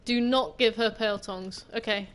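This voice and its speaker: A woman's voice: on the high side, fairly even intonation, moderate pace, fairly bright tone, clear, resonant tone. A woman game streamer giving casual, rambling gameplay commentary and swearing now and then.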